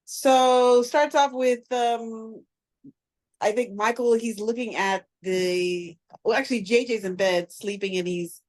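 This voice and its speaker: Speaking slowly in a fairly high, steady voice with a darkish tone, a woman co-hosts a podcast. She gives a casual, rambling recap of a TV episode, full of fillers and restarts.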